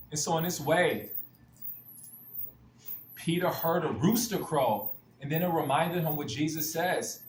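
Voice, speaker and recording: A man's voice: fairly high pitch, normal speed, slight background noise. A man giving an earnest spiritual talk built around Bible stories, often restarting his sentences and repeating stock phrases. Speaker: spiritual speaker. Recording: roomy echo, faint ambience.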